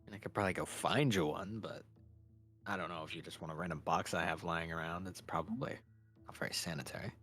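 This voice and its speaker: Male game master, easy and amused narration, with music low underneath. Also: steady tone, fast, a bit bright.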